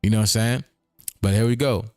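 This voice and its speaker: A man's voice: lowish voice, a little fast, darkish tone, clear, resonant tone, dry recording, studio quality. A man hosting a casual livestream, talking in a rambling, repetitive way with chuckling asides. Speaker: streaming show host.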